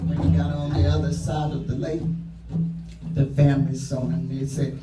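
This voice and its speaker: A man telling a story live to children, lively and drawing them in with call-and-response. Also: on the high side, moderate pace. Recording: echoey room from far off, music behind.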